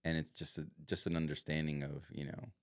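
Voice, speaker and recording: A man's voice: a bass voice, flat delivery, fairly quick, fairly bright tone, no room sound, studio quality. A young man co-hosting a podcast, chatting casually, swearing freely and laughing often. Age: young adult. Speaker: podcast co-host. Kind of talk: casual chat.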